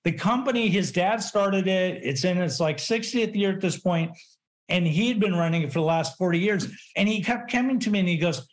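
Animated storytelling middle-aged man, higher voice. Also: a little fast. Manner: animated storyteller, acts out quotes, frequent restarts. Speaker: podcast guest, business consultant. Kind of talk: casual interview storytelling.

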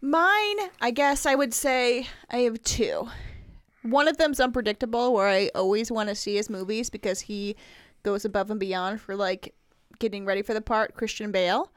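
Casting: higher, smooth-voiced woman, gushing excitable co-host, dry sound. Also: moderate pace, dry recording. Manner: enthusiastic, gushing, swears casually. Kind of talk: casual chat.

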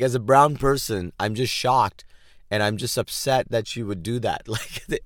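A man's voice: medium pitch, no room sound, clean studio sound. A man giving a casual, sarcastic commentary rant, often laughing in disbelief. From third culture kid.

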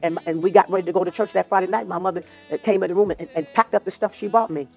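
This gospel minister's high voice is steady in tone yet racing, creaky and a little mellow, over soft background music. Preaching informally, he tells personal stories, repeats phrases for emphasis and at times sings lines.

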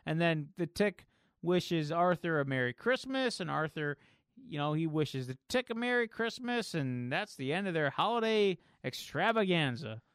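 A man's voice: fairly high pitch, very animated, moderate pace, a bit bright, smooth, no echo, studio quality. A man cohosting a podcast, chatting casually and rambling with lots of fillers. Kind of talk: casual chat.

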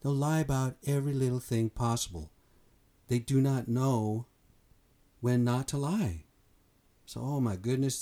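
This commentator is an American man whose voice is medium-pitched and dark in tone. His opinion monologue is blunt and heated, full of swearing and repetition for emphasis.

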